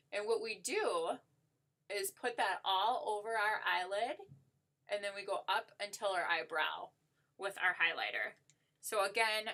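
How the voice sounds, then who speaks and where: A woman's voice: mid-range voice, bright, forceful tone. A woman giving a casual makeup tutorial while demonstrating on herself, upbeat and gushing, with lots of "like" and "so" fillers.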